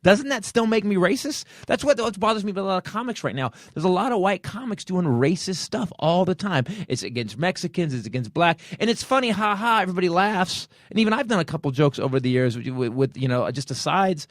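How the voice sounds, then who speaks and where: A man's voice: sits high, fast talker, hardly any pauses, no room sound, studio quality. A middle-aged man hosting a comedy podcast, telling stories in casual talk and acting out what his friends said. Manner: animated storytelling, acts out quoted friends. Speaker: podcast host.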